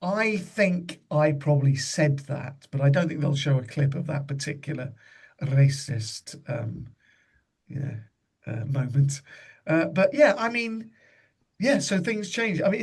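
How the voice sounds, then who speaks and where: A man's voice: fairly high pitch, very animated, unhurried, a little mellow, slightly rough. A man in his fifties, a comedian guest on a podcast, telling chatty anecdotes and slipping into the voices of people he quotes. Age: 50s.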